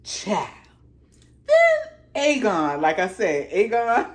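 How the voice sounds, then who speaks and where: A woman recapping a TV episode in loose, casual speech. She talks with lively emphasis and strong opinions, in a voice of middle pitch. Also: takes it slowly. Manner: animated, emphatic, slangy. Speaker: TV show reviewer.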